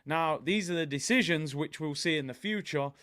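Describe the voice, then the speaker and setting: A man with a London accent hosting a casual live watch-along, chatting in an animated way and reading out viewer comments. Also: a little high, moderate pace, dry recording, studio quality. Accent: London English. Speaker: host.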